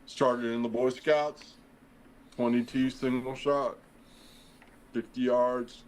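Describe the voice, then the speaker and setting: Speaking slowly in a mid-range, darkish voice with little pitch movement, a middle-aged former firefighter rambles through a long story on a podcast. He performs the quoted dialogue and uses lots of fillers. The recording is rough.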